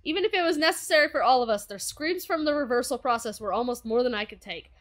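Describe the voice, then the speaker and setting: A young woman streaming a game, reading its dialogue aloud and reacting with excitable, profane outbursts. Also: a little high, fast talker.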